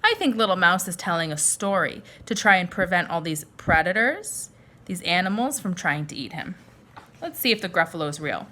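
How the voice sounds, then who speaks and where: A teacher reading a picture book aloud to young children and asking them questions. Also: female voice, on the low side, animated, moderate pace, pushed and bright. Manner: friendly questions to young listeners. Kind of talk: children's story read-aloud lesson.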